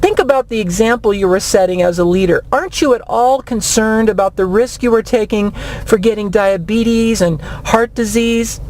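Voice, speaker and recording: A woman's voice: fairly high pitch, normal speed, a little mellow, a little hiss or hum. A woman talk radio host interviewing a guest in a comedy sketch, mock-polite and teasing.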